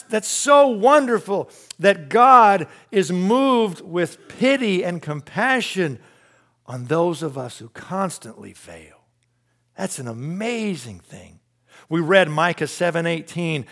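A man preaching a sermon in a conversational way, asking rhetorical questions and moving between loud emphasis and hushed asides. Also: fairly high pitch. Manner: conversational with rhetorical questions and self-deprecating laughs. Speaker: pastor.

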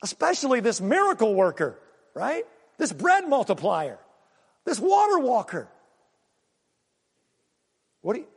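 A man preaching a sermon, animated and full of rhetorical questions and acted-out asides to the congregation. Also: very high voice, unhurried, vocal fry, long pauses, slightly rough, big-room sound. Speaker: pastor.

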